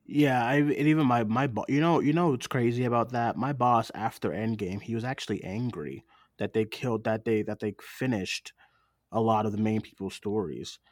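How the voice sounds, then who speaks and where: A man's voice: lowish voice, normal speed, dry recording, studio quality. A young man co-hosting a casual film podcast, telling stories and acting out what others said. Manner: animated storyteller, acts out quotes of others. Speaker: podcast co-host. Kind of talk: casual chat.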